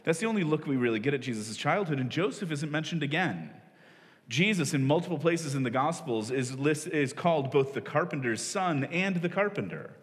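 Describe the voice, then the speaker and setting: In a church hall with a long, echoing reverb, a man in his forties preaches through a stage mic. His voice sits a little high and is expressive and brisk, and his loose, self-deprecating sermon is full of laughter and false starts.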